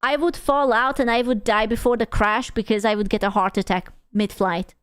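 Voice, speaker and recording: A woman's voice: fairly high pitch, fairly even intonation, moderate pace, a bit bright. A young woman streaming, reacting to a video in a playful, giggly way and swearing freely. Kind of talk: casual live-stream reaction commentary.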